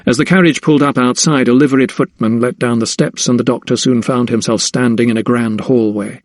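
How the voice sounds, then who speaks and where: A man narrating an audiobook in a measured storytelling manner. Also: medium pitch, steady tone, no room sound, studio quality. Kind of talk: scripted narration.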